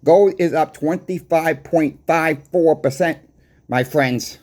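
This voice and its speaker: A man's voice: on the high side, takes it slowly, darkish tone. A man with a Boston accent, a coin shop owner giving a casual weekly market report in a conversational, emphatic way with rhetorical questions. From Boston, USA.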